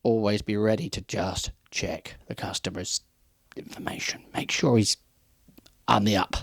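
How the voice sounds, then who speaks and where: A man's voice: fairly low pitch, steady tone, measured pace, gravelly, no room sound, clean studio sound. A man giving an unscripted customer service training talk, with emphatic, repeated warnings and acted-out customer dialogue. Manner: acts out customer dialogue in quotes.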